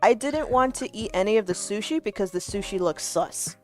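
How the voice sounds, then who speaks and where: A woman's voice: medium pitch, fairly quick, soft background music. Woman ranting with cheerful profanity. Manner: profane, animated ranting with laughs. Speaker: streamer. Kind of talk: casual chat on a livestream.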